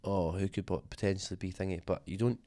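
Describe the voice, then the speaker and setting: A man's voice: low voice, fairly even intonation, quick pace, mellow. A man being interviewed as a singer, talking casually in a rambling, self-deprecating way with many fillers and restarts.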